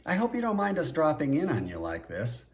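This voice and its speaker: A man voicing a calm, cheerful Jesus in an audiobook, speaking with a sing-song lilt and a light teasing touch. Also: fairly high pitch, a little fast, pitched above the performer's own voice.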